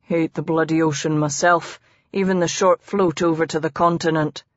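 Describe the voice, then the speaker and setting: A woman voicing a steady, laconic male companion who speaks tersely and calmly. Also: low-pitched, normal speed, no room sound, muffled recording, close to an everyday voice. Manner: terse and calm.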